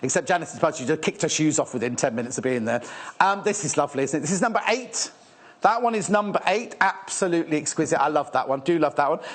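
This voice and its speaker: High-voiced british guy on a shopping channel, rushing and gushing over fabrics, bit out of breath. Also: lively intonation. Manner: rushed, gushing and chatty. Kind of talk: live TV shopping presentation.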